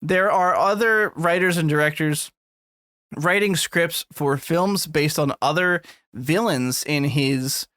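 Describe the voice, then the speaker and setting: A man's voice: a little high, takes it slowly, sharp tone, dry recording, studio quality. A man co-hosting a podcast in casual chat, rambling and joking crudely, laughing often. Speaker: podcast co-host.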